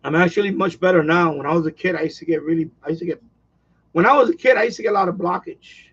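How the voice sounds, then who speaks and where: Guy with a high husky gravelly voice chatting away on his home stream, kinda dull lo-fi sound. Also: fast, fairly bright tone. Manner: rambling, repeats himself, many fillers. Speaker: radio hobbyist live streamer. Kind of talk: casual live stream chat. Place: at home, quiet house.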